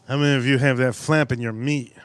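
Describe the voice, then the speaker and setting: A man hosting a live cooking stream outdoors at a grill, talking in a casual, profane way with sudden loud exclamations. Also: medium pitch, steady tone, a little fast, no room sound.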